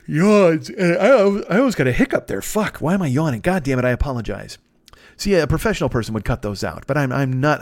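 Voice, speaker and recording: A man in his forties with a fairly high voice, recorded dry and close at a desk microphone in his apartment. He rambles through casual podcast plugs, swearing freely, mocking himself and restarting his sentences. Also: no echo. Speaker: podcast host.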